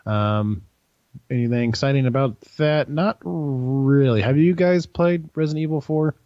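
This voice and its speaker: A man's voice: mid-range voice, moderate pace, darkish tone, no echo, highs cut off. A man hosting a casual gaming podcast, rambling and laughing often as he acts out quotes. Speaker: podcast host.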